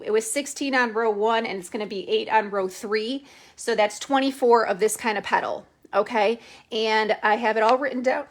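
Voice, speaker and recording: Chatty woman teaching a craft. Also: on the high side. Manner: chatty, explains step by step with frequent "okay" and fillers. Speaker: craft tutorial host. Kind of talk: casual craft demonstration. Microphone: phone camera.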